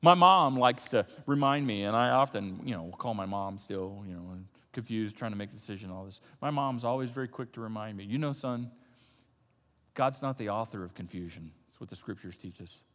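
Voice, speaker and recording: A man preaching a sermon as pastor, animated, swinging from loud emphasis to soft, low asides. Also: brisk, long reverb tail. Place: church sanctuary.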